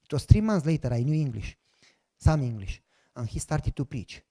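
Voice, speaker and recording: Preacher guy telling his story, emphatic, higher-ish voice, choppy english. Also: big pitch swings, normal speed, warm tone. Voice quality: non-native broken English grammar. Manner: emphatic storytelling, imitates voices of others in quotes. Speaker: pastor. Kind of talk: sermon testimony.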